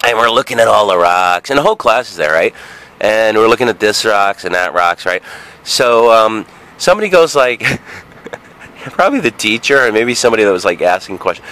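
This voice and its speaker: A man's voice: on the low side, expressive, a little fast, pushed and bright. A man in his forties telling a childhood story in a rambling, profane way, full of fillers and asides. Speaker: vlogger. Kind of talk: casual storytelling monologue.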